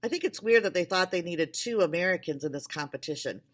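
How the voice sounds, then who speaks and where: A friendly, talkative boy who peppers the new girl with questions, as a woman reading aloud voices him. His voice lifts higher than the narration. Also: expressive, fairly bright tone. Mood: chatty. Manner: quick, chatty questions.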